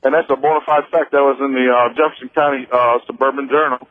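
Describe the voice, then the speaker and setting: A man from Missouri calling in to a radio show, telling a personal story in a halting way, with many fillers and restarts. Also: medium pitch, steady tone, no echo. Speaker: radio caller. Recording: tinny phone line.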